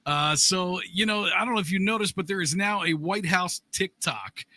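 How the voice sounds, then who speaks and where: A man's voice: high voice, normal speed, bright, forceful tone, no room sound. A man co-hosting a podcast, running through the news in an easygoing way with plenty of filler words. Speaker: podcast co-host. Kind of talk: casual news rundown.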